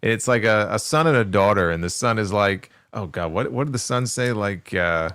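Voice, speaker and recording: Animated, lively man with a New York accent. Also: on the low side, clear, resonant tone, no echo, clean studio sound. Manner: animated, quick asides, mocking. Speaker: podcast co-host. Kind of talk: casual wrestling talk show banter.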